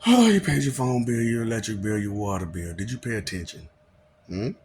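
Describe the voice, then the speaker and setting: A man's voice: on the low side, animated, brisk, a little mellow, slight background noise. A man delivering a rambling, preachy monologue to viewers, often laughing and firing off mocking rhetorical questions, sometimes stumbling over his words. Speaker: self-proclaimed god addressing viewers.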